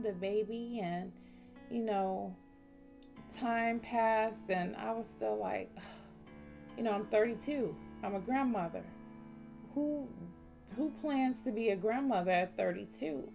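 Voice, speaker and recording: Slow, gravelly-voiced woman in her forties. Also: mid-range voice. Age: 40s. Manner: slow, heartfelt, emotional storytelling. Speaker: vlogger. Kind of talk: personal story-time. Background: soft instrumental music.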